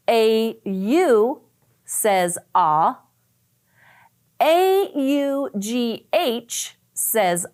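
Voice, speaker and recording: A woman teaching a phonics lesson to young children, sounding out letter patterns slowly and praising often. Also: a little high. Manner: slow, exaggerated sounding out of letters; cheerful praise and questions to the listener. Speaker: first grade teacher.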